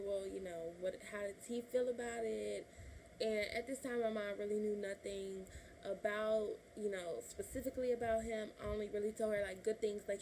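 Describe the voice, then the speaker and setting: A twenty-one-year-old vlogger from Illinois, USA, tells her camera a personal story in a chatty way, laughing often and acting out what her family said. Her voice is medium-pitched and mellow, with a little hiss or hum.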